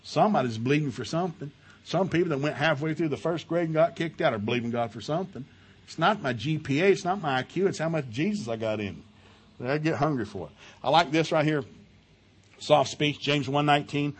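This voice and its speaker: A middle-aged man preaching at a marriage seminar, telling loud, animated family stories between scripture readings. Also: brisk, slightly rough. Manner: loud and animated, with big jumps in pitch and volume and laughter at his own stories; folksy storytelling mixed with scripture reading. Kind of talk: sermon.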